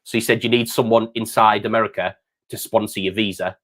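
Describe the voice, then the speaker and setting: A man's voice: on the low side, steady tone, brisk, a bit bright. A middle-aged man from the United Kingdom, hosting a casual chat and saying mate often. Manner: chatty, says mate often. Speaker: host.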